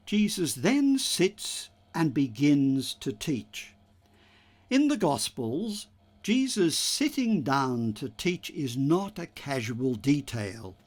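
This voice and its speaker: A man delivering a scripted homily, explaining the text in a measured teaching manner. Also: on the high side.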